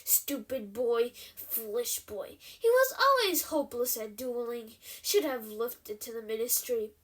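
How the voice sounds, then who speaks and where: A woman's voice: on the high side, expressive, unhurried, pitched below the performer's own voice. A woman reading aloud, voicing a stern older female professor who speaks in a clipped, stern way. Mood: regretful.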